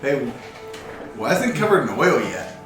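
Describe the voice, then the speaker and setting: A man's voice: medium pitch, big pitch swings, moderate pace. A man joking playfully as a player in a tabletop game. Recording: echoey room with music behind.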